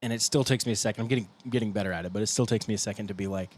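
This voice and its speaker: A man's voice: on the low side, steady tone, very fast, few pauses, darkish tone, a little hiss or hum. Jokey young man hosting a podcast. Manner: jokey, laughs often, acts out quotes. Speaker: podcast co-host, band guitarist. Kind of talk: casual chat.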